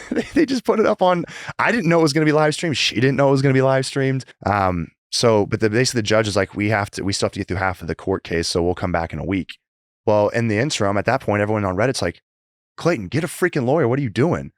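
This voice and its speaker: A man's voice: lowish voice, fast talker, dry recording, clean studio sound. A man in his thirties, a podcast guest, telling his story in a rambling casual way with many restarts. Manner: rambling, frequent restarts, acts out remembered conversations. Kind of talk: casual interview conversation.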